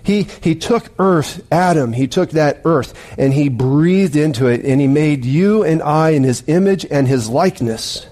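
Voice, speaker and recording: Pastor guy preaching, tells a long dream story, kinda rambly, restarts a lot, warm mellow tone. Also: a little high, unhurried, few pauses.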